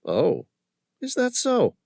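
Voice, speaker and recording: A male narrator voicing a cocky young lawyer with a Southern accent, smooth-talking and smug. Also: high voice, wildly swooping pitch, takes it slowly, darkish tone, no room sound, studio quality, pitched above the performer's own voice, heavily acted. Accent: American Southern.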